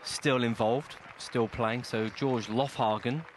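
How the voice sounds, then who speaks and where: A man, a former player, chatting in a relaxed, self-deprecating way on a live tennis broadcast. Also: medium pitch, slow, a crowd in the background, noisy background. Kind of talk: live sports broadcast chat.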